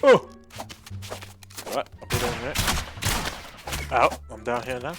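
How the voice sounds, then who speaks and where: A man's voice: mid-range voice, slow, loud music behind the voice. A man hosting his gaming channel, bantering casually and yelping and laughing a lot over the gameplay. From United Kingdom. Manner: excitable, yelps and laughs a lot.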